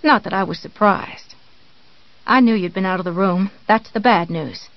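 A reader voicing a pious, menacing middle-aged woman who speaks slowly and sweetly, in a dull, dry audiobook recording. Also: mid-range voice, no room sound, lightly acted. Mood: calm, pious.

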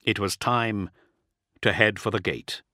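A man narrating an audiobook with a dramatic, expressive reading. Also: fairly low pitch, measured pace, no room sound, clean studio sound. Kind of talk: scripted narration.

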